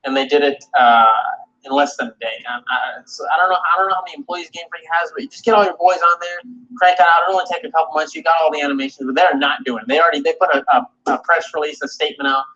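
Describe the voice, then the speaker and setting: Husky man in a profane rant. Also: fairly high pitch, fast. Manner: animated, cursing, repeats himself and mimics others. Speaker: video game commentator. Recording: dull lo-fi audio.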